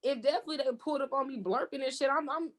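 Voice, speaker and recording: A woman's voice: sits high, rapid-fire. A woman guest on a podcast in casual chat, talking bluntly and emphatically, with a lot of swearing.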